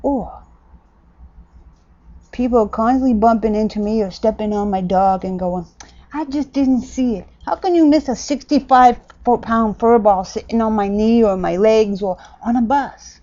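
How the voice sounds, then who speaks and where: A woman ranting bluntly and sarcastically in a casual vlog, jumping from loud outbursts to low mutters. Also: moderate pace, lo-fi sound. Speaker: vlogger.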